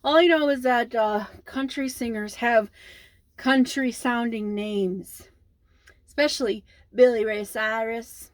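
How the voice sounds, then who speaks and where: A young woman from the Midwest with a Midwestern accent, rambling casually to camera in a vlog, with lots of ums and trailing pauses. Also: on the high side, fairly even intonation, no echo. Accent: Midwestern American. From American Midwest. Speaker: vlogger.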